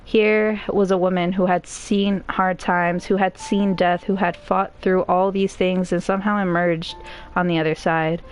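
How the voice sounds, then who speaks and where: Low-voiced woman reading a story aloud. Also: flat delivery, measured pace. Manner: casual, with joking asides. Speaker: streamer. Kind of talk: reading a novel aloud on stream.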